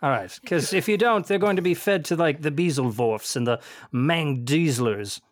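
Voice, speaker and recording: A man's voice: a little high, moderate pace, no echo, natural voice. A man improvising a pompous Indian prince who speaks in a put-on posh British accent, haughty and theatrical, often cracking up. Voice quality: theatrical, haughty, breaks into laughter. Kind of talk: improv comedy role-play.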